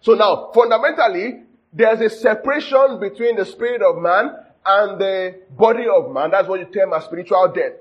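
A man's voice: sits high, moderate pace, husky. A man preaching a sermon, teaching word by word and often asking the audience if they are following. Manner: checks in with the audience often, jokes and laughs. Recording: dull lo-fi sound.

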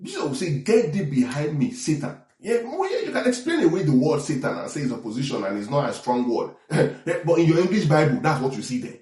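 A man preaching a sermon as pastor, animated, often checking in with the congregation. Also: a little high, fast, hardly any pauses. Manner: animated preaching with call-and-response asides. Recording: echoey room from far off.

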